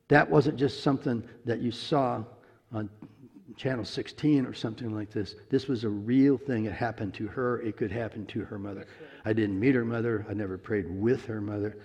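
A man's voice: lowish voice, fairly even intonation, normal speed, darkish tone, breathy edge. A man preaching a sermon, telling a story in a folksy, chuckling way. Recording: long echo of a large hall.

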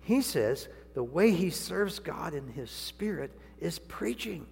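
Older man, sermon, gravelly voice, jokey asides, sudden loud peaks, hall echo. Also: big pitch swings, slow pace. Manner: folksy, joking, swings from low asides to loud high exclamations. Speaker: preacher. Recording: long hall reverb, faint hum.

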